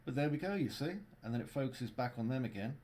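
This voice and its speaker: A man hosting a casual livestream tutorial as a game developer. He walks through his software in a playful, jokey way. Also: medium pitch, lively intonation, quick pace.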